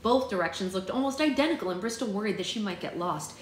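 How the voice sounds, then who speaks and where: A woman hosting a book club, reading a children's novel aloud in a steady, plain storytelling manner with small slips. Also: mid-range voice, fast talker, echoey room, a little hiss or hum, rough recording.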